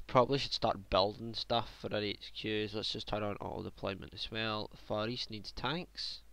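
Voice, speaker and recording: Low-voiced man muttering through a game. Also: steady tone, moderate pace, vocal fry, a bit bright. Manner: mutters to himself, swears, jokes. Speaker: gamer commentating his own play. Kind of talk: casual let's play commentary.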